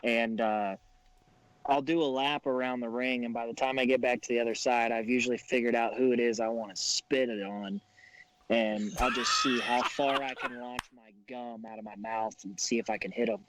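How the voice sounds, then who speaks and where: A man's voice: medium pitch, fairly even intonation, moderate pace. Man from Kansas with faint background noise. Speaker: guest, professional wrestler. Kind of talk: casual storytelling chat.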